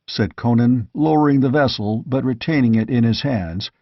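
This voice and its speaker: A man reads a novel aloud in scripted audiobook narration, measured and steady. His voice sits at a mid pitch. The recording is dry and somewhat lo-fi. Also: no echo.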